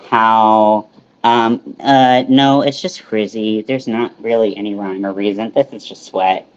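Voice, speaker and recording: Low-voiced guy rambling on his kitchen livestream, lots of likes and restarts, dull lo-fi sound. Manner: rambling, filler-heavy, self-interrupting. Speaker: livestream host. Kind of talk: casual livestream chat. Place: small home kitchen.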